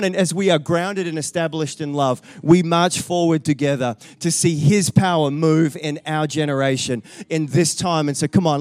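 A man's voice: a little high, normal speed, hardly any pauses, dry recording, faint music behind. A man introducing a guest pastor at a church service, in a rousing preaching manner. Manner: rousing, rising to loud calls. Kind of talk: sermon-style introduction.

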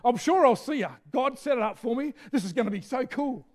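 A middle-aged man preaching a sermon with energy, shouting out key phrases. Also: extremely high pitch, animated, a little fast.

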